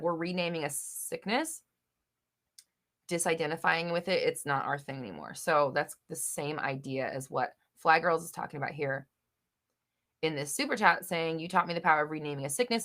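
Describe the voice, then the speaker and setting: A young woman hosting a live chat, reading viewer questions and answering bluntly, with swearing and bursts of loud exasperation. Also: a little fast. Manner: blunt, swears, swings between low murmur and loud exasperation.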